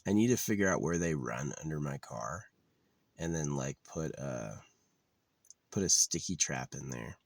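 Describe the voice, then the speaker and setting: A man's voice: very deep voice, lively intonation, normal speed, vocal fry, no echo. A man talking in a casual, rambling monologue, blunt and profane with a wry edge. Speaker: vlogger. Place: living out of his car.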